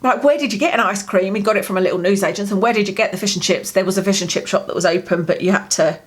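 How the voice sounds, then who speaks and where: A woman vlogger talks to the camera from home in a personal diary-style video, telling stories candidly and very fast. Her middle-pitched voice rambles and loops back, full of fillers.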